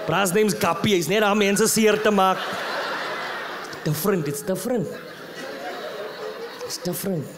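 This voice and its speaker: High-voiced South African stand-up comic. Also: male voice, noisy background. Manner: animated storytelling, mixing Afrikaans slang into English. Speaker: stand-up comedian. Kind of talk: live stand-up comedy. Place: live comedy venue.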